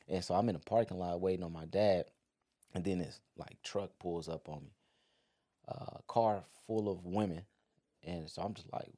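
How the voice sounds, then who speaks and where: A man in his thirties hosting a podcast, telling a personal story in a relaxed, conversational way, full of "like" and "you know". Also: low-pitched, brisk. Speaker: podcast host. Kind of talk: casual storytelling.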